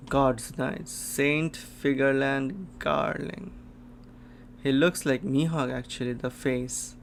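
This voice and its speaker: A man reacting live to a comic chapter, reading it aloud with gasps and sudden exclamations as he thinks out loud. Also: medium pitch, steady tone, slow pace, vocal fry, a little hiss or hum. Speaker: manga reaction host.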